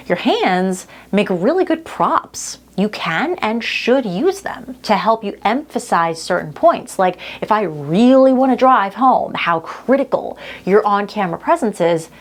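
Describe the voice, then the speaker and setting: A young adult woman coaching viewers on being comfortable on camera. She speaks in an upbeat, direct way and talks with her hands. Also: medium pitch. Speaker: video coach. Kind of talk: on-camera tips presentation.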